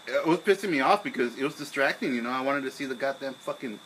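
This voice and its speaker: Profane, storytelling man with a bright voice. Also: medium pitch, lively intonation, quick pace, slight background noise, low-quality recording. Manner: profane storyteller, acts out his own angry shouting. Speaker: podcast co-host. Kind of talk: casual chat over beers.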